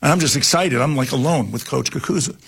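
A man in his sixties from New Jersey, a guest telling a long story on a talk show in an animated, rambling way, with restarts and asides. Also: medium pitch, fast talker, creaky, husky.

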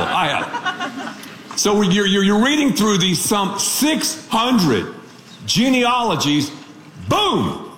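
Man, pastor, animated joking sermon, high lively voice, echoey room. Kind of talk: radio sermon.

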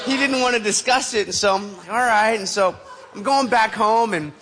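Male storyteller, bright voice, pitched a little high, acts out the voices. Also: normal speed. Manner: animated, acts out quoted voices. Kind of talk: motivational storytelling.

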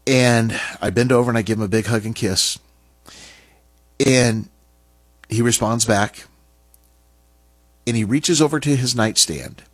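Middle-aged man, husky low voice, dry close sound, earnest halting storyteller. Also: no echo. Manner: earnest, halting, with restarts and pauses. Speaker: speaker sharing a personal story. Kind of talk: personal storytelling talk.

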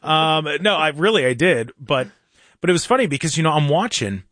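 A man's voice: a little high, animated, fairly quick, fairly bright tone, no room sound, studio quality. A man hosting a casual talk show, chatting in a rambling way with many restarts and fillers. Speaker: show host. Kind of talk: casual live-stream show chat.

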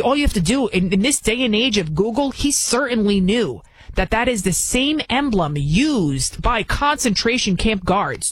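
A woman's voice: mid-range voice, slightly rough, no echo, rough recording. A woman hosting a political commentary show, delivering an indignant, emphatic opinion monologue full of repeated rhetorical questions.

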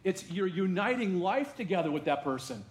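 A man's voice: high voice, very animated, normal speed. A man pastor giving a sermon in a church, speaking in a conversational way with frequent asides to the congregation. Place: church sanctuary. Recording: echoey church room.

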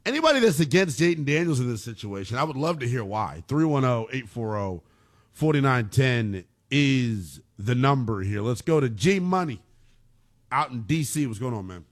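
Animated young sports radio host, lively pitch. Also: male voice, normal speed. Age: young adult. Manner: animated, playful, laughing.

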